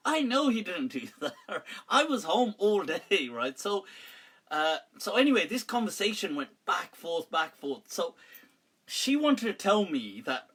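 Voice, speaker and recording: A man hosting a live question-and-answer show, telling stories in an animated way, ranting with mock exasperation and laughing often. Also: high voice, a little slow, husky. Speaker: mufti answering viewer questions. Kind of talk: live Q&A chat.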